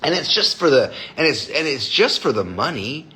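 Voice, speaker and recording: A man's voice: medium pitch, big pitch swings, moderate pace, pushed and bright. A man hosting a live stream as a designer, chatting casually with viewers in a blunt, profane way.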